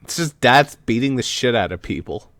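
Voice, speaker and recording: A man's voice: mid-range voice, animated, moderate pace, a bit bright, faint music behind. A man casually commenting on a story game, joking and swearing while reading lines aloud. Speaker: let's play co-host.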